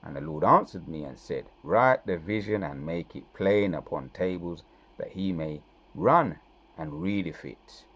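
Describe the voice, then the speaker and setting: A man preaching from scripture, reading verses slowly and breaking in with "right?" and "man" to drive points home. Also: low-pitched, expressive, fairly bright tone. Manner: reads verses slowly then comments with frequent "right?" and "man". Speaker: scripture teacher.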